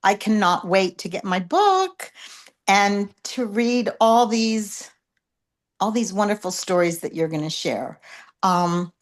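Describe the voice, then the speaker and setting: A woman on a video call praising an old friend, warm and fighting back emotion. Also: medium pitch, animated, takes it slowly. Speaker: longtime friend giving a message.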